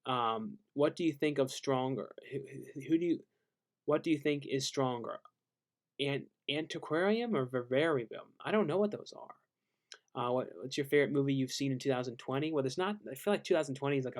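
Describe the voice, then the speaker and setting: A laid-back man chatting on a late-night live stream, reading viewer questions aloud. His voice sits at an ordinary middle pitch, and he speaks in a halting way with easygoing pauses. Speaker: streamer hosting a Q&A. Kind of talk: casual live-stream chat.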